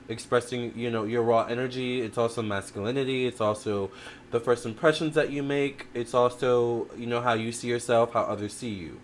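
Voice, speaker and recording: A man in a mid-range voice hosting a casual tarot livestream, reading viewer comments aloud and answering them. He talks in a chatty, expressive way, with plenty of fillers and restarts, and he keeps checking in with the audience. A faint hiss sits behind his voice. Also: medium pitch. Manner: addresses viewers directly with frequent "all right?".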